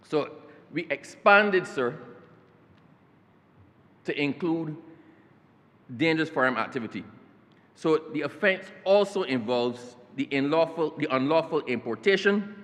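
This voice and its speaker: A man's voice: a little high, fairly bright tone. A man, a government minister giving a formal parliamentary speech and often addressing the chair as sir. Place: parliament chamber. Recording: long reverb of a debating chamber.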